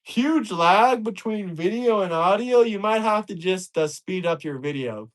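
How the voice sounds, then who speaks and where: A man's voice: sits high, expressive, unhurried, rough recording. A man from Florida with a Southern accent hosts a live stream, answering viewer comments in a blunt, heated, profane way and repeating words when he stumbles. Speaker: livestream host.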